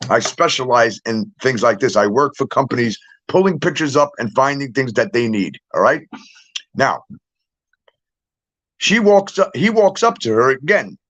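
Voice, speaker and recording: Here the same kind of speaker, a middle-aged social media commentator, chats with followers in a medium-pitched, slightly bright voice over dull audio. He's insistent, moves around and stands to act things out, and keeps tossing "okay?" and "all right?" at the viewer.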